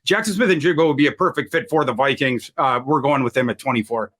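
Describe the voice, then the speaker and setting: A man's voice: mid-range voice, fast talker, fairly bright tone. A man working as a fantasy football analyst who talks emphatically on a draft panel, rambling with many restarts.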